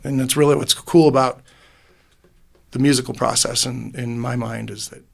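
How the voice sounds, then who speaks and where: A man's voice: medium pitch, fairly even intonation, normal speed, vocal fry. A man, a musician guest in a podcast booth, telling his story in a casual, earnest, rambling way with many restarts. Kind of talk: casual interview.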